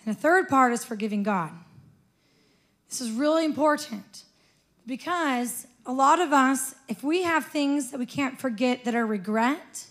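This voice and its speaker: A woman preaching a sermon in a church, telling a personal story in an animated way and often laughing. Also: high-pitched.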